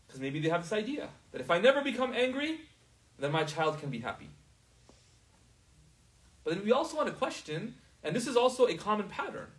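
A man's voice: a little high, recorded from a distance, rough recording. A man teaching a class in a casual, conversational way, often checking whether his students understand.

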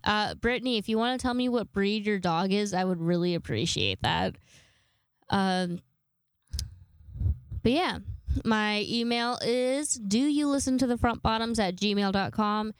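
A woman's voice: medium pitch, expressive, a little slow, clean tone, no room sound. Congested young woman rambling on her podcast. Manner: rambling, self-deprecating, swears casually. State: congested from a sinus infection. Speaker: podcast host. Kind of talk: casual solo podcast monologue.

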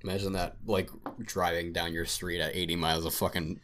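A man's voice: low voice, flat delivery, a little fast, a bit bright. A man hosting a podcast, reading a story aloud and chatting casually, swearing and laughing easily. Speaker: podcast host.

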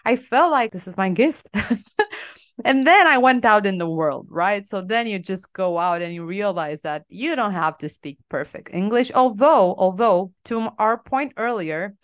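Woman from Romania, native Romanian speaker, podcast co-host, smooth clear voice, self-deprecating. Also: medium pitch, animated, measured pace, fairly bright tone. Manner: self-deprecating, laughs often. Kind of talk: casual podcast chat.

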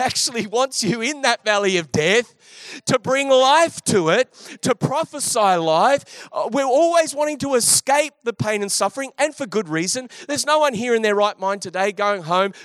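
A man's voice: very high voice, fairly bright tone, no echo, clean studio sound. A male pastor preaching a sermon, telling a story emphatically with restarts.

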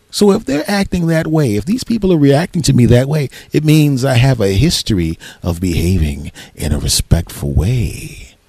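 A man hosting a podcast, telling a story in an animated, exasperated rant. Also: mid-range voice, no echo. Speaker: podcast host. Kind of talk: casual comic storytelling.

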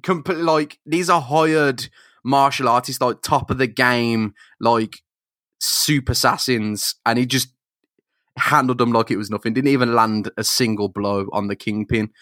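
Bright excitable man. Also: medium pitch, unhurried, dry recording, clean studio sound. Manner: excitable, laughing, joking. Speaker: podcast co-host. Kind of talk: casual comic chat.

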